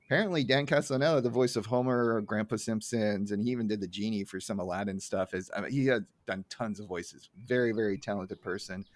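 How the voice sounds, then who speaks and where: A man's voice: fairly low pitch, fast, few pauses, no echo. A man co-hosting a podcast, chatting in an easygoing way about a cartoon episode and chuckling often. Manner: easygoing, self-described nerd, chuckles often. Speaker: podcast co-host. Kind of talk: casual chat recapping an episode.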